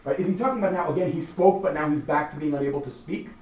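A man teaching a text study class, thinking out loud and firing questions at his students. He sounds far from the mic in a roomy room with a faint hiss behind him. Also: a little high, rapid-fire. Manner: lively, questioning, thinks aloud.

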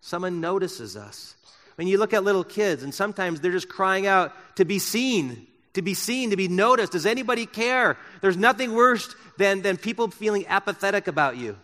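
A male pastor delivers an impassioned sermon with a bright, forceful voice that sits a little high. He leans hard into key phrases, then slows and softens to draw listeners in. The sound carries the long reverb of a big church hall. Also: lively intonation. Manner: impassioned preaching, swinging from loud emphasis to soft and slow. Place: church sanctuary.

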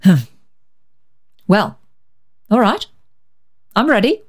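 A woman's voice: medium pitch, very animated, very slow, husky, voice pushed up, full character voice. A woman voicing a stern, sour older woman who speaks curtly and severely. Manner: curt and severe.

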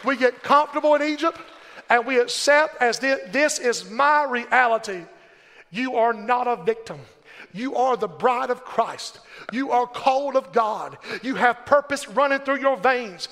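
Man preaching, very high voice, impassioned, rhythmic call-and-response, big echoing church. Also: normal speed, fairly bright tone, a faint crowd. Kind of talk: sermon.

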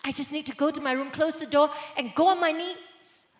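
A woman pastor giving a sermon testimony, telling her story with animated swings between loud bursts and hushed lines. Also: high-pitched, a little fast, roomy sound.

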